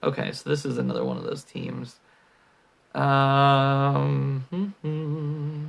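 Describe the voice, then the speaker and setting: A man's voice: medium pitch, fairly even intonation, slow, gravelly. A man giving casual commentary over a mobile game he plays, thinking aloud with many ums and sighs, and hiccuping now and then. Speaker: gaming channel host.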